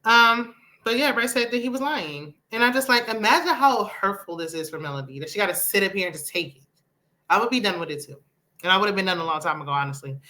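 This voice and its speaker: A woman's voice: mid-range voice, bright, forceful tone. A woman, giving sassy, opinionated casual commentary on a reality show and talking back at the screen.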